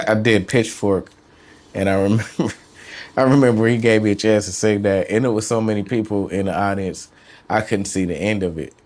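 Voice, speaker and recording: A man's voice: fairly low pitch, steady tone, normal speed. A man, a musician guest, talking about his career in casual, slangy interview chat, often trailing off and restarting. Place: studio.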